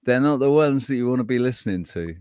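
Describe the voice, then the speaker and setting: A man hosts a casual talk show in a relaxed way and laughs easily. His voice sits at a middle pitch. The sound is dry and close. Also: quick pace, clear, resonant tone, no room sound. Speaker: host. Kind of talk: casual chat.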